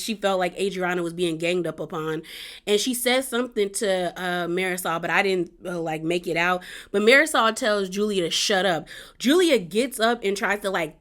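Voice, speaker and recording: A woman chatting casually as she recaps a reality TV episode, full of "like" and quick asides. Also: mid-range voice, a bit bright. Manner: chatty, peppered with "like", acts out quotes.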